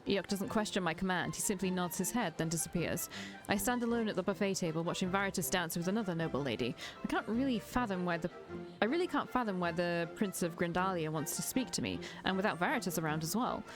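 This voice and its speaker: A woman reads a visual novel aloud in the first person, with an expressive storytelling delivery. Her voice sits on the low side, and soft music plays underneath. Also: fast talker. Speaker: streamer reading a visual novel.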